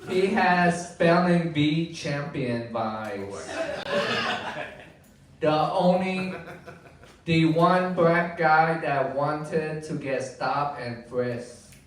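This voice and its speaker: A man from Canada roasting at an open mic in a slow, deadpan way. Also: fairly high pitch, slight background noise. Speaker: stand-up comedian. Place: small comedy venue. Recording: echoey room, distant mic, faint ambience.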